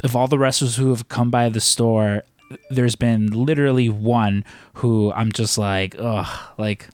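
A man's voice: mid-range voice, fairly even intonation, a little slow, darkish tone, no room sound. A young man hosting a podcast, telling a rambling story with lots of fillers, restarts and casual swearing. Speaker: podcast host.

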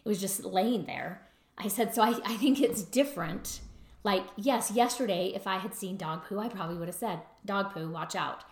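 A woman's voice: medium pitch, moderate pace. Chatty woman in an echoey room. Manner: conversational, many fillers, mimics her husband in quotes. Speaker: speaker on trauma and choice. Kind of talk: reflective talk with a personal story.

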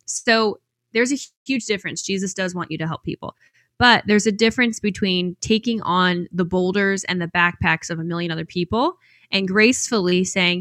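A woman's voice: medium pitch, moderate pace, a bit bright, no echo, clean studio sound. A woman hosting a podcast as a coach, talking in an upbeat, chatty, enthusiastic way. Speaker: pageant coach and podcast host. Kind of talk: podcast monologue.

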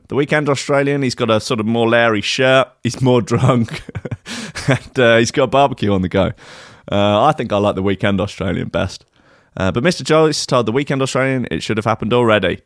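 A man's voice: on the low side, no room sound, clean studio sound. Sweary man mocking the news. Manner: sweary, mocking, laughs often. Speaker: comedy host. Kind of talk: comedic news commentary.

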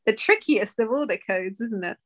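British woman co-host with a slightly high voice, animated and chatty. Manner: animated storyteller, quick asides. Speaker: podcast co-host. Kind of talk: casual chat.

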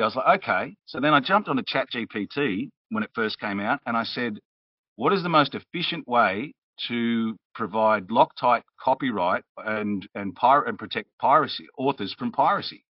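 A man's voice: mid-range voice, no room sound, far from the mic, highs cut off. An Australian man, a guest on a podcast, chatting casually and explaining with anecdotes. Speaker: guest, audiobook narrator and publisher.

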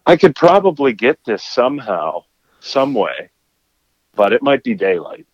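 A man's voice: medium pitch, a little slow, breathy edge, no echo, lo-fi sound. A man who runs fishing charters tells a story in casual conversation and acts out the quotes. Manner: animated storyteller acting out quotes. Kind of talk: casual storytelling in a podcast chat.

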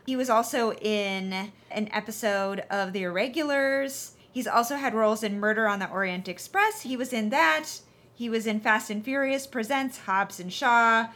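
A woman's voice: fairly high pitch, normal speed, a bit bright. Chatty woman rattling off cast credits. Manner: rattles off actor credits, chatty with frequent fillers. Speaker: podcast co-host. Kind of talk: casual chat reviewing a TV show's cast.

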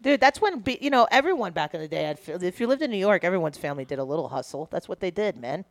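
A young woman comedian ranting with profanity in casual podcast banter, animated and blunt. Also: fairly low pitch, quick pace. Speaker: comedian guest.

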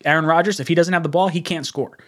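Excitable, foul-mouthed tipsy man. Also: a little high, fast. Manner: excitable, swears freely, laughs a lot. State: tipsy from drinks. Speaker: stream host. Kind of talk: casual sports chat.

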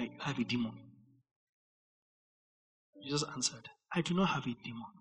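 A man preaching a verse-by-verse Bible study sermon, animated and rising to near-shouts for emphasis. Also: mid-range voice, husky.

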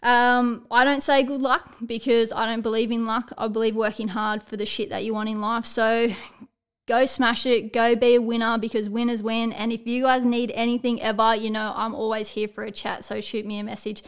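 A woman's voice: fairly high pitch, little pitch movement, normal speed, smooth. A woman sports coach, giving a blunt, motivational talk to camera, swearing casually and checking in with "all right?".

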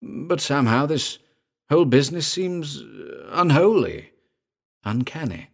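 A man's voice: mid-range voice, big pitch swings, measured pace, creaky, pitched above the performer's own voice, exaggerated voice. A man voicing a stunned male visitor who reacts with gasping disbelief. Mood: incredulous. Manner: gasping, incredulous. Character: stunned young male visitor, awed and uneasy.

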